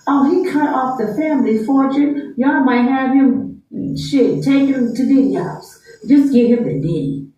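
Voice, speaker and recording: A woman's voice: high-pitched, lively intonation, a little slow, mellow, soft background music. A woman giving a brash, slangy, heated rant on a livestream. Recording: echoey room, far from mic.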